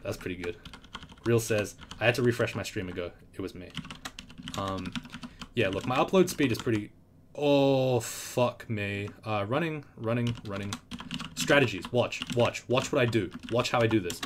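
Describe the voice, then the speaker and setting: A man's voice: medium pitch, moderate pace, noisy background. A young man casually commenting on a live game stream, swearing and joking in mock trash talk at the game. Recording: loud keyboard clicks and typing.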